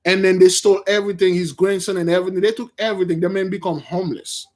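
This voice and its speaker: A man hosting casual religious commentary on news stories, rambling and animated, calling his listeners brothers. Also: high-pitched, fast talker. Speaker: channel host.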